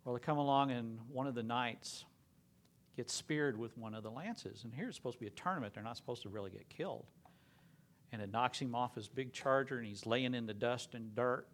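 A man preaching a sermon, telling a story earnestly and sometimes dropping to a hush. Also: medium pitch, a little fast. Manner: earnest, dropping to a hushed whisper at emotional moments.

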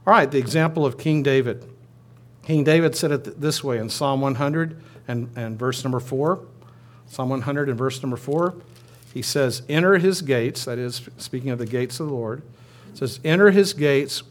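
In a medium-pitched voice, a male pastor delivers a sermon in a conversational way. He frequently restarts phrases and guides his listeners through a responsive reading.

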